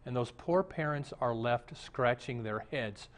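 A man's voice: mid-range voice, unhurried. Man, pastor, sermon, conversational preaching, asks the congregation questions.

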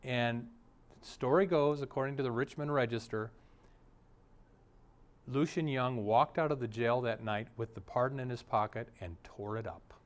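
A man's voice: mid-range voice, moderate pace. Storytelling male pastor preaching. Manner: storytelling preacher, acts out quoted voices. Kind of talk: sermon.

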